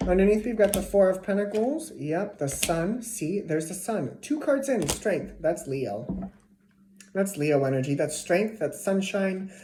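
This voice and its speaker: A woman giving a casual tarot reading to a zodiac sign, chatty and repeating herself, sometimes dropping to a whisper. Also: lowish voice. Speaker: tarot reader. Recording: echoey room with faint noise.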